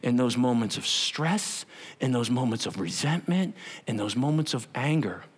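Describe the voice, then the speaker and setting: A man's voice: fairly high pitch, breathy edge. A middle-aged male pastor preaching a conversational sermon and acting out quotes. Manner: animated, conversational, acts out quotes.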